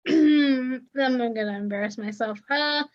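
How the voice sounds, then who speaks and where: A woman co-hosts a casual podcast and banters competitively through a quiz. Her voice sits high and she talks at an unhurried pace. The audio is slightly muffled. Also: no room sound. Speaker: podcast co-host. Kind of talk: casual chat.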